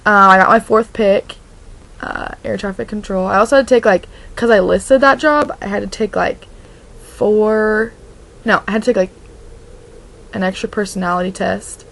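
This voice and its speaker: A young woman from Oregon telling a story in a casual vlog, her voice sitting on a steady vocal fry. She rambles, fills nearly every phrase with "like," and often stops to restart her sentences. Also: medium pitch, moderate pace, rough recording. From Oregon, USA. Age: young adult. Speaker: vlogger.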